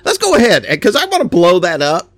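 A man's voice: high-pitched, wildly swooping pitch, fairly quick, a bit bright, no room sound. A man giving a rambling, sarcastic opinion monologue, stammering and repeating himself. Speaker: commentator.

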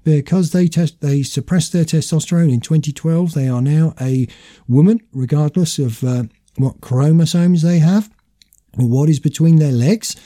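A man's voice: on the high side, moderate pace, warm tone. A man hosting an opinionated commentary chat, arguing his points and asking rhetorical questions. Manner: argumentative, asks rhetorical questions. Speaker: host.

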